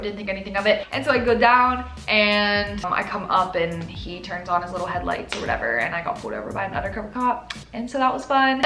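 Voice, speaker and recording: Chatty young woman in an echoey room. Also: a little high. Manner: chatty, animated storytelling. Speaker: YouTuber. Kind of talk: casual Q&A chat.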